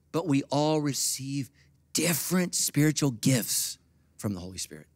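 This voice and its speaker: Animated preaching pastor, man. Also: medium pitch, moderate pace. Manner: animated preaching with big swings from soft to loud; humorous asides to the congregation. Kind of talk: sermon.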